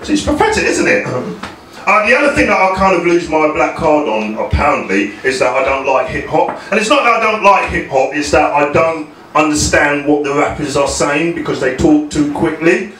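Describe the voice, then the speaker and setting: A young man from England with a South London accent doing a hesitant, deadpan stand-up set, full of ums, and talking back to hecklers. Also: on the high side, a little fast, a little hiss or hum. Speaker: stand-up comedian. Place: comedy club. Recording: echoey club from far off. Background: crowd laughter.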